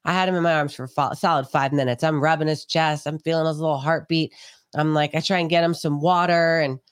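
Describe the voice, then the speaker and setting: A woman co-hosting a podcast, telling a story in a casual, profane, animated way. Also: low voice, fairly quick, clear, resonant tone, dry recording, studio quality. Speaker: podcast co-host.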